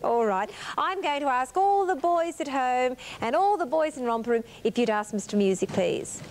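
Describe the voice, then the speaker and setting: A woman's voice: high voice, lively intonation, normal speed, a little mellow, a little hiss or hum. A young Australian woman presenting a 1980s children's TV show, talking to small children in a gushing, coaxing, exclamatory sing-song. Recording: 1980s TV studio, music behind.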